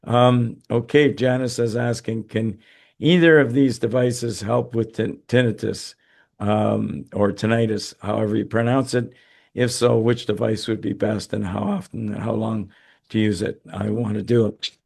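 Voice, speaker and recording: A man hosts a webinar over a video call and answers viewer questions. He sounds tired and talks haltingly, with many fillers and restarts. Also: fairly low pitch, steady tone, creaky, a little mellow. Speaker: host. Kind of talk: webinar talk and Q&A.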